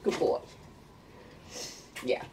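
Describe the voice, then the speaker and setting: An artist and vlogger introduces her pet rats in a casual home vlog, laughing often and cooing baby talk at them. She speaks very slowly in a darkish voice, with slight background noise.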